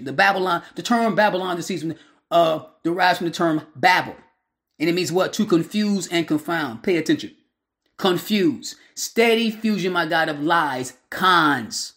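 A man with a notably high voice delivers a fiery street sermon. He talks in a slangy, emphatic way, circling back on the same interjections again and again. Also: fairly bright tone. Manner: emphatic, repetitive filler phrases, slangy. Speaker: street preacher. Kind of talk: preaching sermon.

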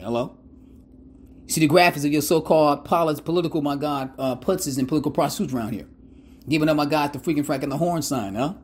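Man, fairly high voice, fiery preacher, emphatic, rhetorical questions throughout. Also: slight background noise. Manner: emphatic, fires rhetorical questions, fills with "my God" and "hello?". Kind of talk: fiery scripture-citing sermon.

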